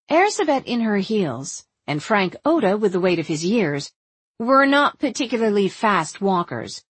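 A woman's voice: mid-range voice, husky, no room sound. A woman reading a first-person story aloud in scripted narration, wry and observant in tone. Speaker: audiobook narrator.

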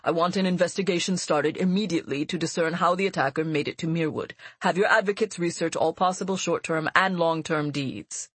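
A woman's voice: on the low side, a little fast, hardly any pauses, husky, dry recording. A woman voicing a commanding, angry male prince regent who speaks in curt demands. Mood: demanding.

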